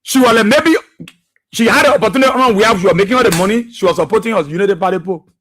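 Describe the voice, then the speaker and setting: A man's voice: high voice, rapid-fire, fairly bright tone. A man giving emphatic, repetitive political commentary as a radio talk show host.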